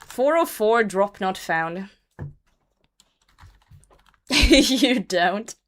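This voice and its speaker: Young woman game streamer, casual chat, chatty and profane, mid-pitched, desk mic. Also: expressive, extremely slow. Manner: chatty, swearing, laughing often. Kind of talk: casual chat while gaming.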